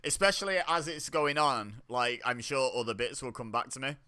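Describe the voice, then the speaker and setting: A young man with a bright, forward voice talks casually as he watches along, thinking out loud. He reacts openly, breaking into laughs and sudden exclamations between remarks. His pitch sits in an ordinary middle range. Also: moderate pace, smooth. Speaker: wrestling watch-along host.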